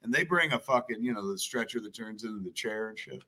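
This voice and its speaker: A middle-aged man telling a story as a guest on a live chat show, swearing constantly and animated. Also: lowish voice, fast.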